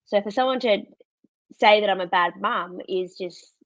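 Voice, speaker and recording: A woman's voice: medium pitch, moderate pace, no echo, lo-fi sound. A woman in her thirties with an Australian accent, a podcast guest telling a story in casual chat, candid and laughing often. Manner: candid, laughs often, quotes others in lively voices.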